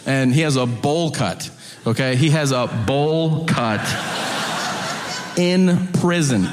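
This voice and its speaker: Animated high-voiced man telling a story. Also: slow, big-room sound. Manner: animated, laughing, playful. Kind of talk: storytelling in casual chat. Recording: background noise.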